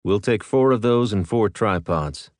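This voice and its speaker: A man's voice: lowish voice, expressive, unhurried, a little mellow, dry recording, clean studio sound. A man voicing a blunt, commanding male major in an audiobook. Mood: firm. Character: blunt male military major, team leader.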